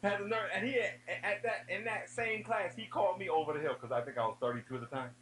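A man giving an energetic youth sermon, telling funny stories and speaking straight to the audience. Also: high voice, quick pace, slight background noise, poor audio. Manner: animated storytelling with humor; addresses the audience directly.

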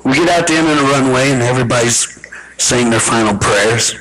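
A man telling a comic story on stage, animated and mimicking voices, laughing as he goes. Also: mid-range voice, fairly quick, poor audio. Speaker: Christian comedian. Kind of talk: stand-up comedy story. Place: large hall with live crowd. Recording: crowd noise from live audience. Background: audience.

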